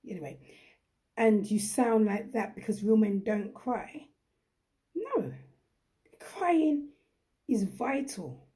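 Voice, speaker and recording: Earnest woman, very dark voice. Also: fairly high pitch, expressive, slow pace, long pauses. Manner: earnest, repeats phrases for emphasis. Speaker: host. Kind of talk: reflective live-stream talk.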